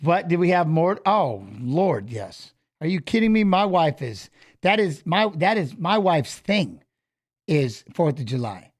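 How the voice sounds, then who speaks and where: Animated high-voiced man swearing through a story. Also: a little slow. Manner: animated, profane retelling of an argument. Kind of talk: casual storytelling, watch-along chat.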